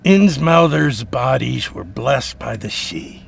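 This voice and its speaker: A man's voice: mid-range voice, animated, slow, creaky, slight background noise, full character voice. A man voicing a fearful, hostile fishlike man on the run, snapping out defensive accusations in a game. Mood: bitter. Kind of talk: video game voice acting.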